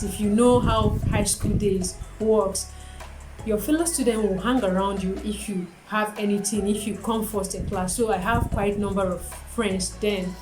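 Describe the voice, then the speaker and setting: A young woman talks straight to her viewers in an earnest vlog, sharing her own story and then giving step-by-step advice. She repeats her main points to drive them home, and her voice sits at an ordinary middle pitch. The room is echoey, with faint music underneath. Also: darkish tone. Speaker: vlogger.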